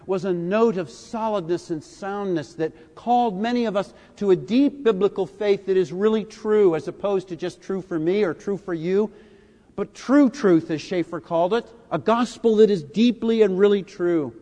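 High-voiced older preacher. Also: male voice. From United States. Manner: deliberate and emphatic, with big swings in loudness. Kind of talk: sermon. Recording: echoey hall.

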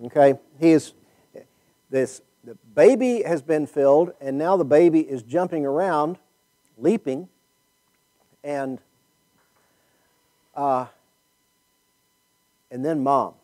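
A man leads a Bible class in a loose, conversational way. His voice sits a bit higher than most men's, and he thinks out loud and keeps turning questions back to the group. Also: takes it slowly, long pauses, rough recording. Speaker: Bible study teacher.

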